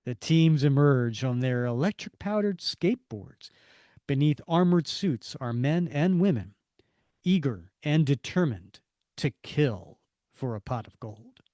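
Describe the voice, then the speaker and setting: A man's voice: medium pitch, animated, a little slow, dark tone, no echo, clean studio sound. A man co-hosting a podcast, reading comic narration and dialogue aloud. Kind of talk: comic book read-through podcast.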